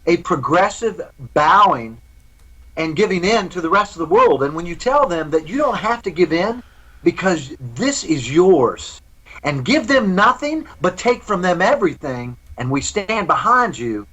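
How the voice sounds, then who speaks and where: A man's voice: sits high, sing-song, measured pace, a bit bright, muffled recording. A man speaking as a guest in a live remote interview, earnest and preaching.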